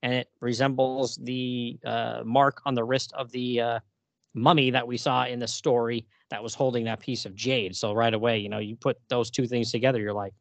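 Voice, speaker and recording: A man casually recapping a comic story on a podcast. He laughs often and reads the characters' lines in quick put-on voices. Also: mid-range voice, fairly bright tone, dry recording. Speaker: podcast co-host.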